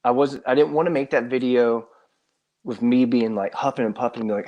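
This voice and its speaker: A man's voice: mid-range voice, steady tone, brisk, darkish tone. A man talking casually on a live stream, earnest and exasperated, stumbling over restarts and repeated words as he defends himself.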